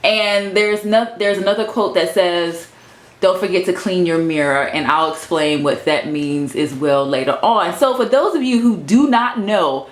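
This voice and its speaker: A woman in her thirties giving a casual, playful tour of her home office studio, talking to the camera and sometimes to her cat. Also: measured pace. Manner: chatty, playful, breaks into high baby-talk with her cat. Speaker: vlogger.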